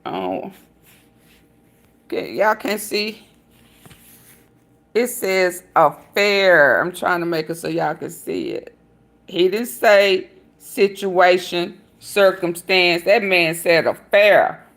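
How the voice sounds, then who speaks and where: A woman's voice: fairly low pitch, slow pace, creaky, pauses often, fairly bright tone. A woman vlogger giving casual commentary to her viewers, with sassy, laughing asides.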